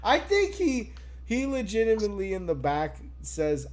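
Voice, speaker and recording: A man on a casual wrestling podcast, excitable and profane, laughing often. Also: high voice, moderate pace. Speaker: podcast co-host.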